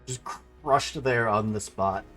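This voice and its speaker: Male game master for a streamed tabletop game, relaxed narration, faint background music. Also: mid-range voice, slow.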